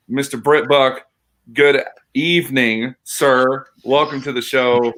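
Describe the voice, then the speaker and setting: A man's voice: medium pitch, fairly even intonation, slow pace, a bit bright. Upbeat male podcast host. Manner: upbeat, joking. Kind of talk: casual podcast hosting.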